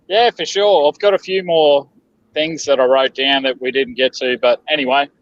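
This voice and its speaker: A man's voice: mid-range voice, steady tone, normal speed, no room sound, dull audio. A man joining a live chat by phone as a guest, laid-back, cheeky and sweary. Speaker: guest motorcycle vlogger. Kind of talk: casual chat on a call.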